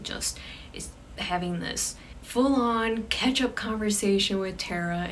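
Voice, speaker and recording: Woman host for a laid-back storytime vlog. She is lively and drops into hushed asides, and the mic sits a bit distant with faint noise. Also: mid-range voice. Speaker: cosplayer hosting a chat show. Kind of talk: casual storytelling chat.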